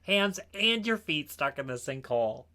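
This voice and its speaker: A man's voice: fairly high pitch, big pitch swings, normal speed, crowd noise. A man hosting a casual interview, reacting briefly and easygoingly to a guest's story. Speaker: podcast host.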